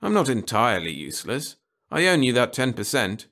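A man's voice: medium pitch, very animated, a little fast, fairly bright tone. A man doing a whiny hungover actor. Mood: whiny, pleading. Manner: pleading, whining. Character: handsome hungover male actor, whiny and self-pitying.

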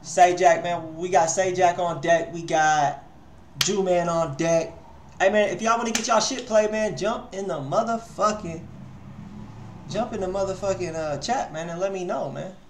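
A man's voice: high voice, normal speed, slight background noise. A man hosting a live music review stream, talking loosely in slang and swearing freely. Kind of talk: casual livestream chat. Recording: echoey room.

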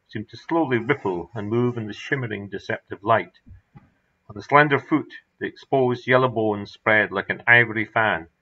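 A man reading his own horror story aloud in a measured, dramatic narration. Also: lowish voice, sharp tone. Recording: dull lo-fi recording.

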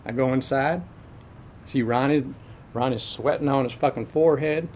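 A man's voice: medium pitch, moderate pace, darkish tone, slight background noise, natural voice. A middle-aged man playing a crude, folksy handyman who rambles along in profane slang, in a comedic monologue.

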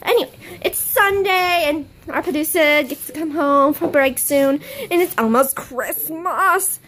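A young woman playing a brash, wisecracking host in an improvised home-video comedy sketch, rambling and bickering with rough language, recorded on a camera mic in a living room. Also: sits high, unhurried, fairly bright tone. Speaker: fan comedy sketch performer.

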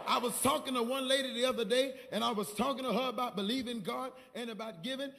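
A man's voice: very high-pitched, fast talker, gravelly, few pauses, sharp tone, in a large hall, slight background noise. A man preaching a sermon as a prophet, telling stories with quoted dialogue and leading call-and-response with the congregation. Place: church.

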